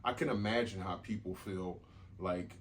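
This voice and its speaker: Here a podcast co-host chats informally at normal speed in a low voice, with light hiss or hum audible. He drifts from point to point, says things more than once and lets out an occasional curse.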